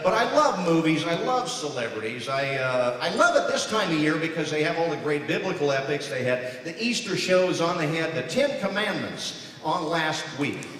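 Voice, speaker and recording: A man, a voice actor, giving a comedic speech to an audience, telling stories in an animated way and slipping into character voices. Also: fairly high pitch, normal speed, hardly any pauses. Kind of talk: comedic keynote speech with impressions. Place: large hall before an audience. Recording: echoey hall recording from far off, crowd noise.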